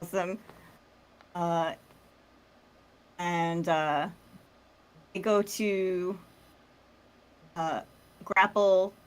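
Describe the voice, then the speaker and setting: Low-voiced, slow, hesitant woman, tabletop game player. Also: fairly even intonation. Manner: hesitant, many fillers. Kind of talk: tabletop role-play, casual.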